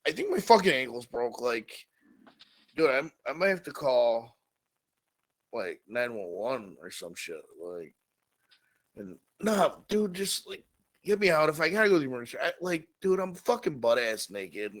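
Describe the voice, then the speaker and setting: A man's voice: medium pitch, very animated, normal speed, close to an everyday voice. A man voicing a panicky young man who stammers and swears frantically. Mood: panicked.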